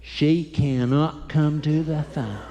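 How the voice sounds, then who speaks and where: A man voicing a small boy who talks like the man of the house, slow, deliberate and deadpan. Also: fairly high pitch, slight background noise. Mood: solemn. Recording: live hall with long reverb.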